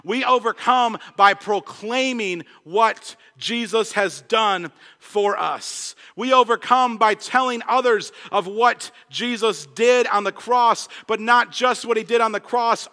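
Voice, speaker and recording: A male pastor preaches to his church in a high, bright voice. He is earnest, pressing some points hard and dropping others to a hush, and a long reverb trails his words through the hall. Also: slow, few pauses. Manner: earnest, swings between emphatic and hushed. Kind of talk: sermon.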